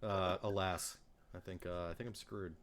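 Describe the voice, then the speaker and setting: A man's voice: low-pitched, fairly even intonation, moderate pace. A man co-hosting a casual live stream, dry and exasperated as he reacts to a game. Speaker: podcast co-host. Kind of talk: casual live-stream chat about baseball.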